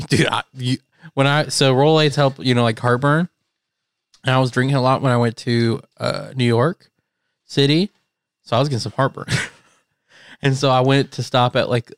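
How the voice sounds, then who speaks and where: A man's voice: medium pitch, creaky, no room sound, clean studio sound. A young man co-hosting a podcast, telling rambling stories with lots of laughter and swearing. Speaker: podcast co-host. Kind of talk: casual chat.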